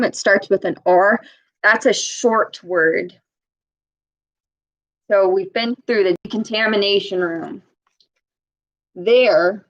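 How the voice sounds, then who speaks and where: A woman reading a children's picture book aloud, pausing to point out words and ask young listeners questions in a clear, teacherly way. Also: medium pitch, lo-fi sound.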